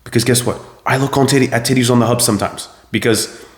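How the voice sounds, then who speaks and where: Young male host, profane motivational rant, mid-pitched voice, roomy echo. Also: steady tone, fast talker. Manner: blunt, swearing, preachy and forceful. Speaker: self-improvement video host.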